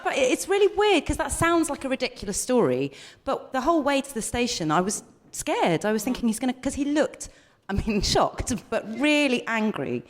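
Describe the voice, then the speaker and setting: Her voice is high and very animated at a normal speed as she co-hosts a live comedy podcast. She performs sarcastic, self-mocking stand-up for an audience, captured in a live stage recording with background noise.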